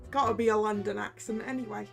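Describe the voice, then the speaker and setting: A woman's voice: medium pitch, fairly even intonation, quick pace, gravelly, soft background music. A woman streamer chatting and reading game dialogue aloud. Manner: chatty asides. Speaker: let's play streamer.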